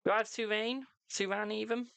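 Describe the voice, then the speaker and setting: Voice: medium pitch, level tone, a little fast, vocal fry, a bit bright, clean tone, no echo. A tarot reader hosting a casual livestream, chatty and informal, talking straight to the viewers while sounding tired. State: tired, yawning.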